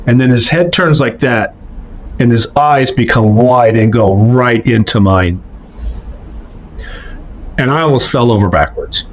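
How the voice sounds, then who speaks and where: A man giving earnest testimony in a slow, reverent, emphatic way. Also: mid-range voice, a little hiss or hum. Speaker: near-death experience witness.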